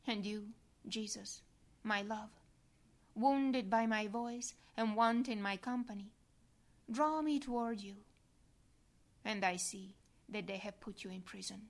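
Woman narrator for a devotional reading, unhurried and hushed, at times near a whisper. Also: mid-range voice. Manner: slow, soft, prayerful, sometimes whispered.

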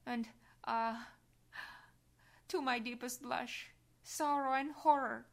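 Woman softly reading a devotional meditation. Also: a little high, fairly even intonation, slow, gravelly. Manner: hushed, often whispering. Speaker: reader.

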